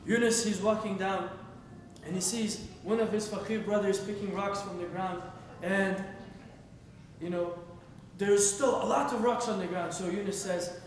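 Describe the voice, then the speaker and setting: High-voiced man telling a story in an echoey hall. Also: normal speed, a little hiss or hum. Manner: animated, acts out the voices. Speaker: religious teacher. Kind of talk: storytelling to a study circle. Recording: echoey hall, heard from far off.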